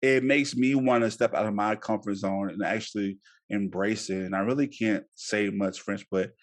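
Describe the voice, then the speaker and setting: A man's voice: fairly low pitch, steady tone, moderate pace. A man hosting a casual podcast, talking earnestly and encouragingly, with many fillers. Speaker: podcast host.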